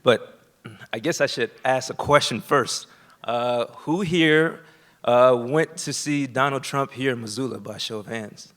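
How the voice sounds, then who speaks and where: Bright-voiced nervous male storyteller. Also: medium pitch. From Florida. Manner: nervous, halting with many fillers. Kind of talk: live personal storytelling. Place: theater stage before a live audience.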